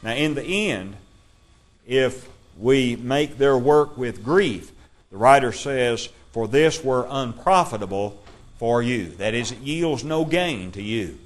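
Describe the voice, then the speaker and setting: A man teaching a Bible class, reading scripture aloud slowly and putting questions to his listeners. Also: medium pitch, animated.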